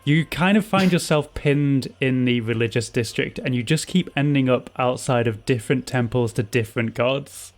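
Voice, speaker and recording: A man narrating as game master of a tabletop game, playful and quick to laugh. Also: mid-range voice. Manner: playful, laughs between lines.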